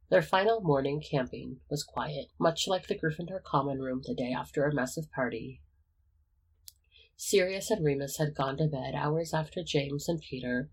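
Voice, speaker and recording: A reader narrating a romantic fan fiction story in a steady, even manner. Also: mid-range voice, vocal fry, breathy edge, rough recording. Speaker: audiobook reader. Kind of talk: reading fan fiction aloud.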